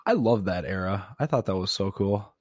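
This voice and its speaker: Low-voiced agreeable podcast co-host. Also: male voice, expressive, moderate pace, a little mellow, no room sound. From Minnesota. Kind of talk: casual chat.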